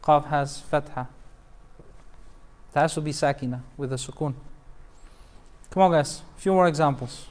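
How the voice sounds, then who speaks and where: A male imam with a high, clear, resonant voice leads a recitation class. He explains each rule patiently, repeats the verses, and asks his students for examples. He often slips into a melodic chant. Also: normal speed, pauses often. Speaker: imam teaching Quran recitation. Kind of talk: classroom teaching.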